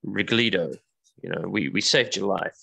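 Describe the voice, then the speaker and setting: A man voicing a polite adventurer in a tabletop game who asks very politely and haltingly, in a low, gravelly voice. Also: pushed and bright, heavily acted, rough recording. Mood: pleading. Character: polite adventurer pleading to see a stone.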